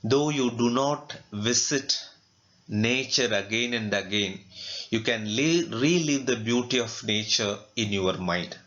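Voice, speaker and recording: A male literature teacher with an Indian English accent, explaining a poem line by line in a slow lecture, asking himself questions and adding fillers. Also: medium pitch, a bit bright. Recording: dull lo-fi recording.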